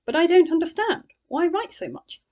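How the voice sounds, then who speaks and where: A woman's voice: very high-pitched, lively intonation, moderate pace, a little mellow, muffled recording, voice pushed up. A woman voicing a skeptical female deputy who presses a suspect with incredulous questions. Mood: pressing.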